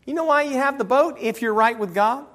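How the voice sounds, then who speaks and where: High-voiced animated preacher man. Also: fairly quick. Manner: animated, joking, swings between loud emphasis and quiet asides. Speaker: pastor. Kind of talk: sermon. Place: church.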